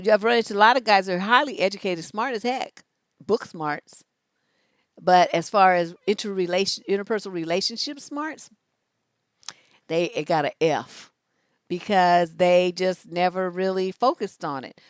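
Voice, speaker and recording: Sassy woman relationship coach, low voice. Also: smooth, no echo, studio quality. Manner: sassy, animated, laughing, colloquial. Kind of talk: casual live-stream advice talk.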